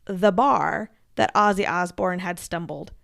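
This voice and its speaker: A woman's voice: lowish voice, unhurried, creaky, a bit bright, no room sound, studio quality. A woman co-hosting a podcast, telling a story in a casual, chatty way with frequent laughs. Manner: chatty, laughs often, self-deprecating asides. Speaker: podcast co-host.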